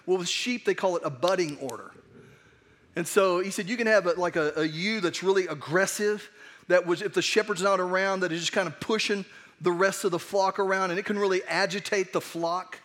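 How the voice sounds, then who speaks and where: A pastor gives his sermon in a high, light voice. He talks in a conversational, earnest way, stumbling and restarting as he goes. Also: brisk, a bit bright. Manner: conversational, earnest, with frequent restarts and acted asides.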